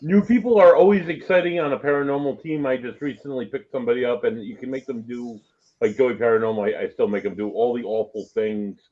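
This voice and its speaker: A man's voice: medium pitch, fairly even intonation, quick pace, highs cut off. A man co-hosting a casual chat about ghost hunting, teasing the host playfully. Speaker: paranormal investigator co-host.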